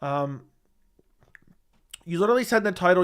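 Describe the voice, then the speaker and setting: A man with a clear, smooth voice pitched a little high talks casually on his livestream. He answers viewer comments with defensive, repetitive arguments, speaking into a studio mic at home. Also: lively intonation, fairly quick. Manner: defensive, argumentative, repeats himself. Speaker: MMA livestream host. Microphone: studio dynamic mic.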